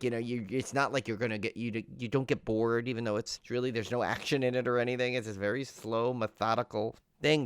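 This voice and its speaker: A man co-hosting a horror podcast, rambling through a casual film review with halting restarts. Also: mid-range voice, clear, resonant tone, no echo. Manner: rambling, halting, heavy use of "like". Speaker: podcast co-host.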